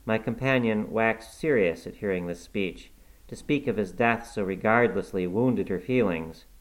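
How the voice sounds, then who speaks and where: Lower-voiced man reading a classic novel. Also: rough recording. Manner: measured, even classic-novel narration. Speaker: audiobook narrator. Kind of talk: audiobook reading.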